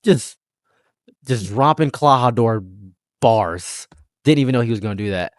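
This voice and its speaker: A man hosting a casual commentary chat, rambling and joking with excitable bursts. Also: mid-range voice, moderate pace, dry recording, clean studio sound. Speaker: channel host.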